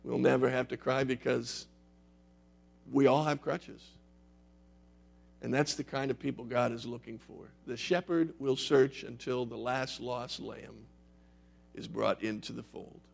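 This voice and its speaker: A man's voice: mid-range voice, fairly even intonation, unhurried, vocal fry, pauses often, husky, soft background music. A male pastor preaching a sermon in a conversational, emphatic way with wry humor.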